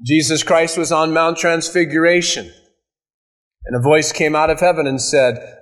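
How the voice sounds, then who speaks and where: A man's voice: on the high side, steady tone, fairly bright tone. Man preaching a verse-by-verse sermon. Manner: teaching verse by verse, slowing down to quote scripture. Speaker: pastor. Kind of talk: expository sermon.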